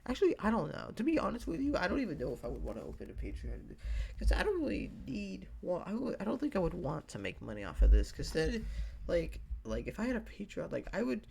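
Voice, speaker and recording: A man's voice: high voice, wildly swooping pitch, fast talker, creaky, darkish tone, breathy edge. A tired young man hosting a solo podcast, rambling and hesitant with lots of fillers and restarts, yawning now and then. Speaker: podcast host.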